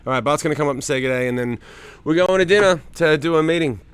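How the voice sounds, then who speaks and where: Hosting a casual livestream from home, a middle-aged man reads out viewer comments, talks to people by name, and swears freely. His smooth, somewhat high voice moves at a quick pace in a dry recording.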